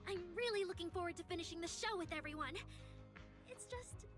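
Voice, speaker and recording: Game voice: hesitant young idol, very high-pitched, over game music. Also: female voice, lively intonation, fairly quick. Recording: game audio under music.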